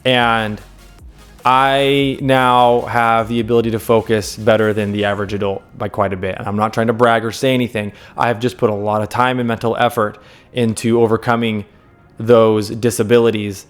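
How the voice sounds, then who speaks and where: A man's voice: lowish voice, little pitch movement, normal speed, clean tone, soft background music. A man in his thirties talking straight to camera, giving unscripted self-help advice in an earnest, emphatic way, repeating key words and checking in with the viewer. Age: 30s.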